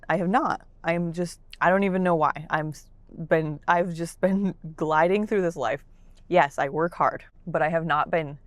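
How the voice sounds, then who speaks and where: Excitable young woman vlogging. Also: low-pitched, dry recording. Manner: bubbly, excitable, repeats herself. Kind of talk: casual vlog talk to camera. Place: parked car in a public lot.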